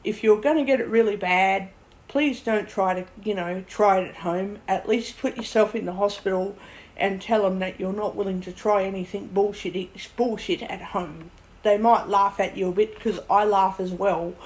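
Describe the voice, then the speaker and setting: A woman's voice: mid-range voice, steady tone, normal speed, a little mellow, low-quality recording. Woman vlogger, rambling vent, blunt, swears, laughs it off, mid-range voice. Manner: blunt, swears, laughs at her own ordeal.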